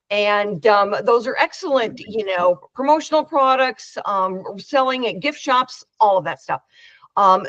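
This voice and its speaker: A woman's voice: a little high, fairly bright tone, no echo, dull audio. A woman who organizes an inventors' meetup, telling long rambling anecdotes and acting out the quoted dialogue over a video call. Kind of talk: casual storytelling on a video call.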